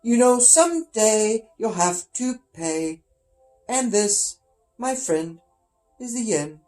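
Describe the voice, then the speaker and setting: Sing-song chant of tiny workers, done by a man, slow, lively pitch. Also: faint music behind. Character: chanting group of small factory workers.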